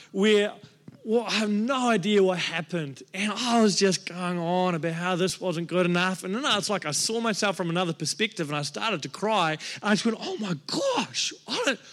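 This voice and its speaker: A man's voice: sits high, fairly bright tone. A middle-aged male pastor giving a sermon, telling a candid, self-deprecating personal story with acted-out quotes.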